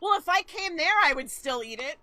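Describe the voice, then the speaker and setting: A woman's voice: high-pitched, expressive, fairly quick, bright, forceful tone, no echo. A woman co-hosting a podcast, chatting casually in a teasing, blunt way. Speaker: podcast co-host.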